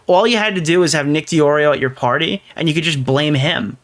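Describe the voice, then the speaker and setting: A young man co-hosting a podcast, telling a story in a fast, animated, profane way and acting out the quotes. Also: on the high side. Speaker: podcast co-host. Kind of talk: casual storytelling chat.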